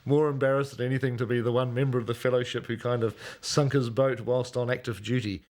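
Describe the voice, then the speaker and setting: A man in a documentary interview, recalling filming in a hesitant way with many pauses and fillers. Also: medium pitch, level tone, a little mellow. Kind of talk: casual interview recollection.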